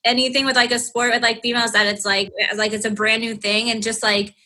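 A woman's voice: a little high, flat delivery, a little fast, sharp tone. A woman co-hosting a casual interview podcast, bubbly and enthusiastic, with lots of fillers. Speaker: podcast co-host.

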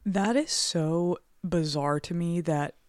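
A woman hosting a true crime podcast in a notably low voice. She chats casually, peppering her speech with 'like', then shifts into read-out narration. The recording is close and dry. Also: slow, no echo. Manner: casual, chatty, with frequent 'like'. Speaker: podcast co-host.

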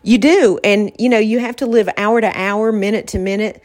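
A woman's voice: mid-range voice, steady tone, moderate pace, darkish tone. Woman hosting a podcast, easygoing, kind of reflective. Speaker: podcast host. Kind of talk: casual podcast talk.

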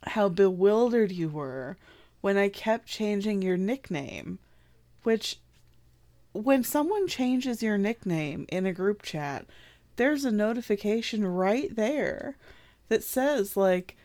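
Woman, podcast co-host, playful teasing chat, quick to laugh. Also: mid-range voice, animated, warm tone.

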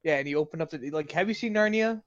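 A man's voice: on the high side, fast, dry recording, lo-fi sound. A young man co-hosting a casual podcast, rambling and searching for words. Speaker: podcast co-host.

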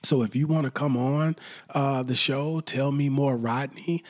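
A man's voice: medium pitch, fairly even intonation, measured pace. A man hosting a solo podcast, rambling through stories and acting out quoted lines. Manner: rambling, storytelling with acted-out quotes. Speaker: podcast host. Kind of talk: solo casual podcast talk.

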